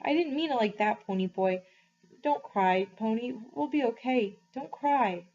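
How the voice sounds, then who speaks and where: A woman's voice: on the high side, expressive, a little slow, a little mellow, voice pushed up. Female reader doing a guilt-ridden teen boy; tremulous, earnest, storybook read-aloud, dull lo-fi sound. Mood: miserable, soothing. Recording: slightly muffled, dull recording.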